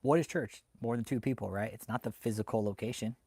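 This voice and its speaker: A man hosting a livestream who rants heatedly, swears often and bursts out loudly as he talks to his chat. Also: mid-range voice, quick pace, slightly rough, no room sound, studio quality. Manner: heated and swearing, with loud outbursts. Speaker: livestream host reading chat. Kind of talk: profane ranting live commentary.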